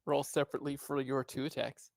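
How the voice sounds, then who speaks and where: Gravelly man with a dry sound. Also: mid-range voice, level tone, fast talker, a little mellow, dry recording. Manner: reads rules aloud, hesitant fillers. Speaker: player. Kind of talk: casual tabletop play.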